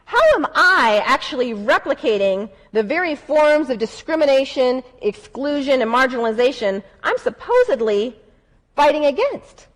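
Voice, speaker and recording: A woman with a high voice gives an earnest, reflective talk. She speaks as a civil rights lawyer recounting an experience from her own work. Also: expressive, normal speed, low-quality recording. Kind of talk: speech storytelling.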